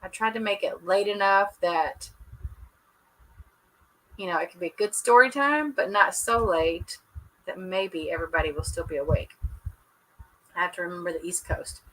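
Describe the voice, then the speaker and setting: Bright-voiced chatty woman livestreaming. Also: fairly low pitch, normal speed, pauses often, poor audio. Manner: chatty, laughs often, Southern "y'all". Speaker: livestream host. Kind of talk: casual livestream chat with viewers. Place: at home indoors. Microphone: computer webcam mic.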